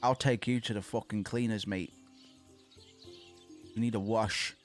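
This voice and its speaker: A man commentating on his own gameplay, swearing often and getting frustrated, sometimes chanting words loudly. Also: fairly low pitch, fairly even intonation, a little slow, soft background music. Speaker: gaming streamer. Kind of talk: casual let's play commentary.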